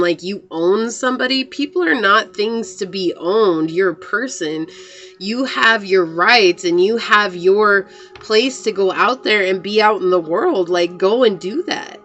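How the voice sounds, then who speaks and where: A woman's voice: mid-range voice, a little slow, fairly bright tone, soft background music. A woman reading tarot cards to camera in a casual, earnest way, full of "like" fillers. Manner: chatty and earnest, many "like" fillers. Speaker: tarot reader.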